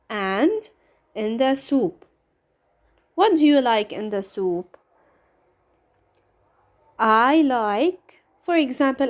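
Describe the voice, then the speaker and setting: Woman, English teacher, grammar lesson, slow careful pace, asks and answers her own questions. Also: on the high side. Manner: slow, patient, explains step by step with questions.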